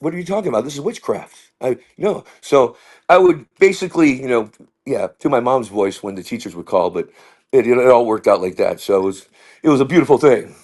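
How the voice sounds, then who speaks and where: Brief: man, comedian guest, rambling, story-driven, mid-pitched, jumps between tangents. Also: expressive, brisk, a little mellow. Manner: rambling, tangent-prone, full of restarts and voices. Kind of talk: casual storytelling chat.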